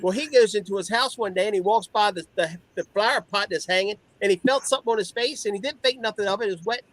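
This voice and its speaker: A man hosting a live video chat, telling stories in an animated, folksy way. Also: high voice, fast, poor audio. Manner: animated storyteller, folksy slang. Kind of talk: casual chat.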